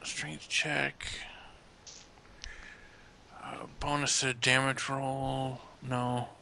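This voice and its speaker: Bright-voiced slow male player. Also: mid-range voice, level tone, gravelly, slight background noise. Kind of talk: casual game chat.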